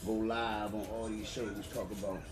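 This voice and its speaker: A man's voice: on the low side, level tone, moderate pace, a loud crowd. A man speaking as a podcast guest and band manager, venting his grievances at length. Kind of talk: casual chat. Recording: echoey room with background noise.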